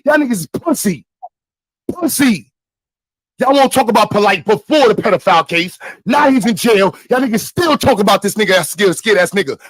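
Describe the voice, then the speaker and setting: Brooklyn man, very high voice, angry shouted livestream rant, dry close sound. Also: lively intonation, normal speed, no echo, faint music behind, poor audio. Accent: Brooklyn, New York. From New York.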